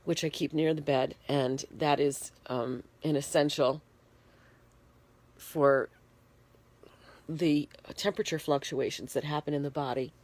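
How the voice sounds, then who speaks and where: Holding her phone while tucked into bed, a vlogger who is congested and shivering records a casual diary entry in her bedroom. She speaks plainly and without hurry, going into detail, her low-pitched voice steady and a little mellow.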